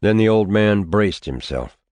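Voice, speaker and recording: A man with a very low voice reads an audiobook, delivering the scripted narration in a steady, measured way. The recording is dry and close, with no room sound.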